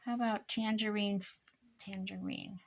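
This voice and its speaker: A woman's voice: medium pitch, steady tone, normal speed, vocal fry. A tired woman chatting casually to herself and her viewers while crafting at home, muttering and joking at her own expense. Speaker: crafting vlogger.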